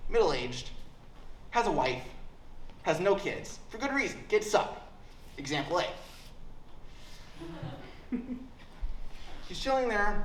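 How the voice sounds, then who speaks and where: A young man telling a crude, deadpan comic story at a college open mic. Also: a little high. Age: young adult. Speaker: stand-up comedian. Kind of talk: stand-up comedy storytelling. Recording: roomy hall with faint background noise.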